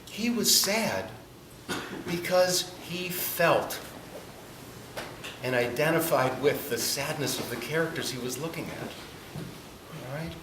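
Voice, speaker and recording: A man in his thirties giving a chapel talk to a class of students, speaking conversationally and often checking in with "all right?" and "okay?". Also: fairly high pitch. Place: school chapel. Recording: echoey hall, distant mic, background noise.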